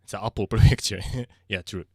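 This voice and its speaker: A low-pitched young man speaks English with a Japanese accent in a loose live-stream chat. He stops and restarts often as he hunts for words, mixing in Japanese. The sound is dry and close, with no room echo. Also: fairly even intonation, brisk, a little mellow.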